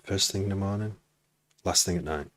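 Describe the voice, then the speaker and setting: A very low-pitched man from Cheshire with a bright, forceful edge to his voice. He chats casually and rambles through asides as a music producer streaming his session. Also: fairly quick, no room sound. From Cheshire, England. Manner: rambling, chatty, full of asides. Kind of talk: casual livestream chat.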